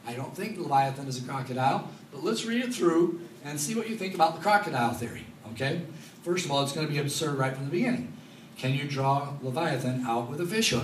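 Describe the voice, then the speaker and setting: A male pastor teaching through scripture, animated and playful with his congregation. His voice sits a little high for a man. He is picked up from a distance in a roomy, echoing hall with faint ambience behind him. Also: slight background noise. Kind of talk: expository Bible teaching. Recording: echoey room, mic at a distance.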